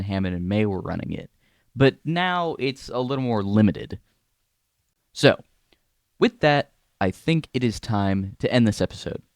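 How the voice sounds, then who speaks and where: A man hosts his own podcast in a low-set voice, wandering casually from point to point and restarting sentences as he goes. The sound is close and dry, with no room around it. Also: no echo. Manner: rambling, halting, casual. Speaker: podcast host. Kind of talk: solo podcast commentary.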